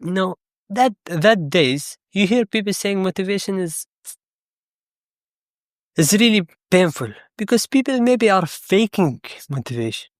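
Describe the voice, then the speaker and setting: A man's voice: high voice, animated, measured pace, dry recording, studio quality. A man speaking as a motivational speaker, telling a story in a rambling, unscripted way and putting questions to the listener.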